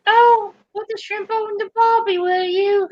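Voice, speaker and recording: A woman voicing a cheeky woman with a deliberately bad, exaggerated Australian accent on dry, slightly dull audio. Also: extremely high pitch, fairly even intonation, voice pushed up. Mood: playful.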